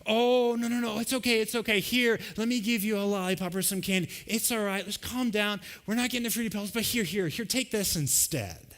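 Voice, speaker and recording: A man's voice: sits high, brisk, few pauses, fairly bright tone, pitched above the performer's own voice. A male preacher putting on the voice of an anxious parent soothing a child, coaxing and placating.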